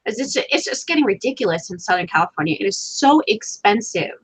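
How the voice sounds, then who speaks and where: A woman's voice: medium pitch, big pitch swings, a little fast, slightly rough, low-quality recording. A woman chatting casually on a video call, often repeating her phrases. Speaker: video hangout participant.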